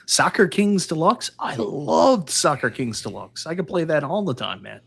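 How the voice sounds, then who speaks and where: A man with a fairly high, animated voice trades teasing jokes on a gaming live stream. His pitch swings freely as he banters with his co-host. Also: gravelly, breathy edge. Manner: joking, teasing, quick to laugh. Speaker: co-host of an arcade gaming show.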